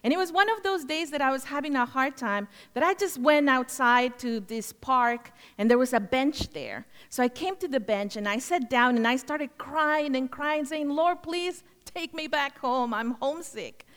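A woman's voice: high-pitched, normal speed, few pauses, fairly bright tone. A woman missionary giving a heartfelt, earnest testimony in a church, telling her story with thanks. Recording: long hall reverb.

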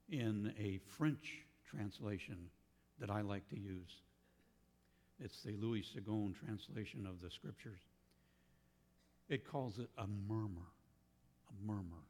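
Slow, thoughtful male preacher in a hall. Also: lowish voice, darkish tone, breathy edge. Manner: slow, thoughtful, with pauses and restarts. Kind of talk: sermon.

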